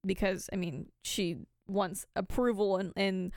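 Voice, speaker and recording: A woman co-hosting a podcast and recapping an episode in a relaxed, chatty way, with casual asides. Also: medium pitch, measured pace, no echo, studio quality. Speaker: podcast co-host.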